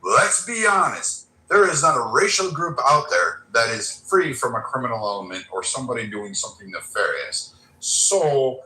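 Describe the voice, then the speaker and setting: Male debate panelist: bright and sharp, combative and taunting, roomy echo. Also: mid-range voice, expressive, moderate pace, slight background noise. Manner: combative, mocking, profane. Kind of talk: heated debate.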